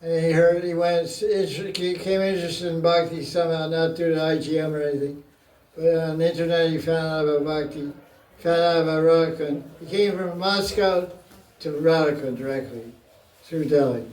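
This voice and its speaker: A man's voice: a little high, steady tone, moderate pace, a little mellow. A man giving a scripture class to a live audience in a playful, joking way, often breaking into laughter. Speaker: spiritual teacher. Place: room with an audience. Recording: roomy, mic far off.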